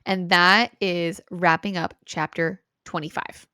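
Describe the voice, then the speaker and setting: A woman co-hosting a podcast, retelling a book's chapter in an animated, casual way full of "like" and "right?". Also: fairly low pitch, slow pace, clean tone, dry recording, clean studio sound. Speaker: podcast co-host. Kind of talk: casual book-review chat.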